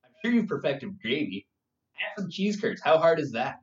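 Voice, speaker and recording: A man's voice: on the high side, big pitch swings. A Canadian man co-hosting a podcast, easygoing and joking in casual chat. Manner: easygoing, quick to agree and joke. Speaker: podcast co-host. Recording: roomy, distant, dull-sounding mic.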